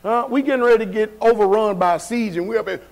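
A man with a high-pitched voice preaches a sermon in a church. He talks in a folksy, everyday way and keeps asking the congregation questions. His delivery is call-and-response. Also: quick pace, a little mellow. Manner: folksy, colloquial. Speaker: pastor. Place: church sanctuary.

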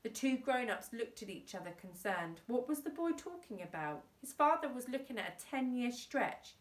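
A woman teacher reading a children's book aloud with brisk storytelling narration, recorded in an echoey room on a distant mic. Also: on the high side, very animated.

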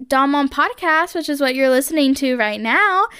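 A woman's voice: high-pitched, animated, moderate pace, sharp tone, no echo, studio quality. A young woman hosting her own podcast, chatting casually and gushing, filling her talk with "like" and "um". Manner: chatty, gushing, heavy use of like and um. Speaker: podcast host. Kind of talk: casual solo podcast chat.

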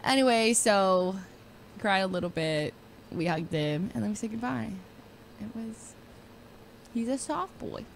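A young woman streamer telling a story in an animated way, acting out what others said and often breaking into laughter. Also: medium pitch, a little slow, creaky, long pauses, slight background noise. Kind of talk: animated storytelling with quoted voices.

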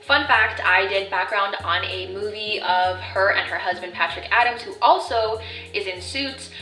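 Young woman vlogger, chatty and self-mocking, bright voice, roomy echo, mic set back, soft music behind. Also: medium pitch, normal speed, far from the mic. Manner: chatty, self-deprecating, reads messages aloud. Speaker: vlogger and actor. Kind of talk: casual vlog chat.

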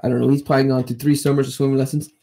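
A man's voice: medium pitch, little pitch movement, rapid-fire, warm tone. Rambling, profane man in his forties. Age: 40s. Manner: profane, rambling, laughs through stories. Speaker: podcast co-host. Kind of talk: casual storytelling chat.

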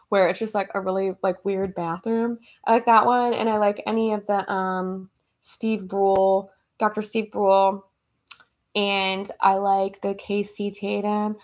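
A woman's voice: mid-range voice, fairly even intonation, measured pace. A young American woman chatting casually on a livestream at home, reading out viewer comments and giggling between replies. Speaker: livestream host. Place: her home in Los Angeles.

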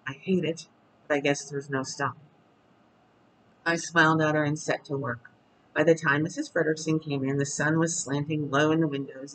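A storyteller reading a chapter book aloud at bedtime in a calm, steady voice. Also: medium pitch, poor audio.

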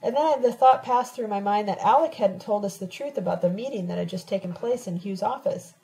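A woman narrating a novel told in letters, reading in a steady, measured first-person voice. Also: mid-range voice, gravelly, low-quality recording. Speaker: audiobook reader.

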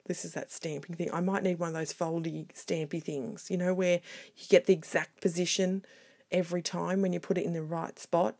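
A woman narrating her scrapbooking video in a casual voiceover, chatty, excitable and quick to poke fun at herself. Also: fairly low pitch, vocal fry. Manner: chatty, excitable and self-deprecating. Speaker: scrapbooking vlogger. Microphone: voiceover recorded separately.

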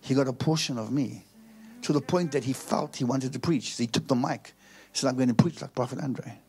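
Gravelly middle-aged male preacher. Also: medium pitch, brisk. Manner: animated storytelling, acts out quoted dialogue. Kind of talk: sermon storytelling. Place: large auditorium.

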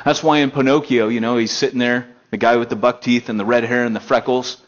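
A young American man preaching a casual storytelling sermon, animated, with loud excited bursts and quiet stretches. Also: mid-range voice, quick pace. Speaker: pastor. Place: elementary school meeting room. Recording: dull lo-fi sermon recording.

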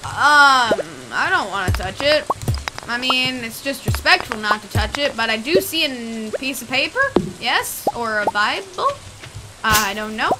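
Goofy, high-voiced woman gamer. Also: animated, unhurried, very noisy. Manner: goofy, chatty, exclaiming. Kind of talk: let's play commentary.

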